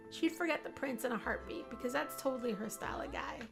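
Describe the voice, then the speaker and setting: A woman's voice: on the high side, fairly quick, gravelly, a bit bright, soft background music. Chatty woman narrating her life-sim game. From Puerto Rican family. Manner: chatty and upbeat, repeats herself for emphasis. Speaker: gaming video host. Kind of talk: casual Let's Play commentary.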